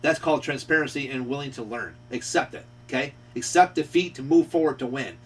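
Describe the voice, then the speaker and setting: A man's voice: mid-range voice, a little fast, breathy edge, distant mic. A middle-aged man who runs a radio repair shop, scolding a rival in a confrontational rant and repeating his points. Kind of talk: ranting call-out video.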